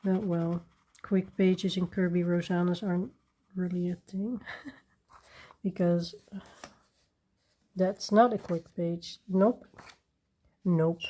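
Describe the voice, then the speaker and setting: A woman hosting a coloring video, chatting casually and rambling softly while she works at her desk. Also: fairly low pitch, fairly even intonation, slow, pauses often. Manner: soft-spoken, rambling, with little laughs. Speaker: coloring channel host.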